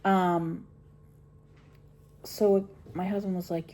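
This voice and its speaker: Low, mellow-voiced woman chatting casually. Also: a little slow, a little hiss or hum. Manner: rambling, chatty, trailing off into soft mumbles. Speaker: homestead vlogger. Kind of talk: casual chat while crocheting. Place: home.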